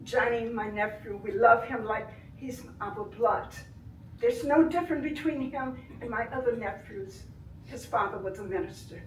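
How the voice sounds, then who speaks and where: An older woman giving impassioned public comment at a board meeting, swinging between soft grief and loud anger. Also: a little high, normal speed, a little hiss or hum. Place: village board meeting room. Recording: echoey room, voice from far off.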